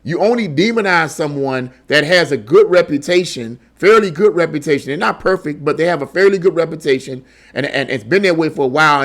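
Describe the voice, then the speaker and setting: An indignant man rants through a commentary monologue, his voice sitting fairly high for a man. He keeps repeating words as he pushes his point and throws rhetorical questions at the listener. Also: fairly bright tone. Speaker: online political commentator. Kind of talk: commentary monologue reacting to a news article.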